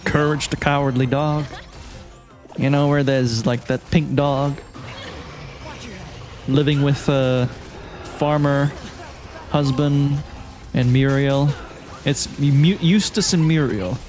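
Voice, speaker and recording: Slow and medium-pitched, with long pauses, a man from Malaysia plays a video game on stream and chats casually with his audience. Faint game music runs underneath as he calmly reads and answers chat.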